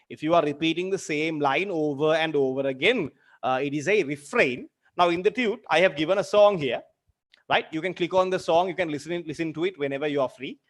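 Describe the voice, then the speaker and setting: Teaching literature in an online lecture, a man speaks with a fairly high, slightly bright voice. He goes over terms and examples more than once and asks students direct questions.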